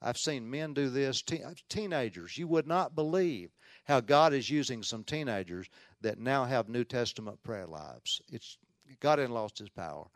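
A man preaching a sermon as a Baptist pastor, in an ordinary mid-range voice. He tells his story with earnest swings from hushed asides to loud emphasis, often restarting words. The sound is dry and close. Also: medium pitch, expressive, moderate pace, dry recording.

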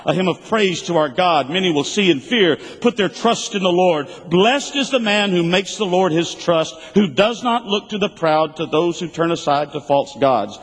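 A man preaching a sermon, emphatic and repetitive, swinging between loud bursts and quiet asides. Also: high voice, animated, moderate pace, few pauses, breathy edge, long reverb tail, poor audio.

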